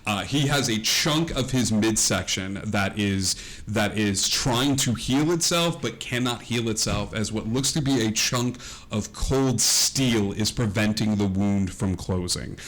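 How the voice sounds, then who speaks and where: A man's voice: on the low side, measured pace, fairly bright tone. A man narrating a tabletop game as game master, meandering along with many fillers.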